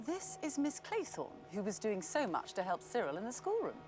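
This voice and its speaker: A woman's voice: on the high side, wildly swooping pitch, moderate pace, music in the background. An actress playing a fretful upper-class mother who talks in a fussy, theatrical way.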